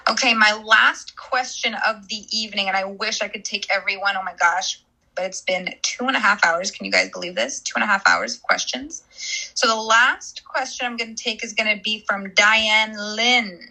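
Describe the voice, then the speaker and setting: An emphatic woman coach hosting a live audio-room Q&A. Her voice is very bright and piercing, and she drives her points home by repeating phrases. Her pitch sits in the middle of the range. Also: animated, normal speed, low-quality recording.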